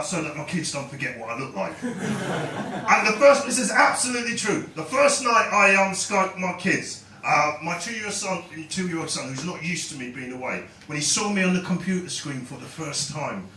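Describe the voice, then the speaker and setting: A man's voice: fairly high pitch, far from the mic, background noise. A man doing a stand-up comedy set, chatting and bantering with the crowd. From London. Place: comedy club stage. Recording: roomy live club sound with crowd. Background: audience laughing and clapping.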